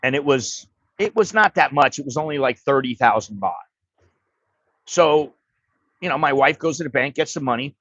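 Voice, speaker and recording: A man's voice: mid-range voice, expressive, normal speed, pauses often, a bit bright, no room sound, lo-fi sound. A man hosting a livestream, telling a story in a blunt, profane, casual way. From United States. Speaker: livestream host.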